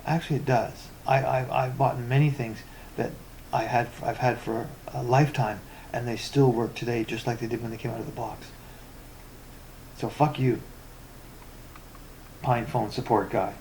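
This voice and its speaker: A man of middle pitch rants sarcastically into his vlog, stumbling over his words and repeating himself as his frustration spills out. A faint noise hums behind him. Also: fairly even intonation, normal speed, long pauses, darkish tone. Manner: rambling, stammering repetitions; sarcastic and exasperated. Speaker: tech vlogger. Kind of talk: ranting commentary reading forum posts.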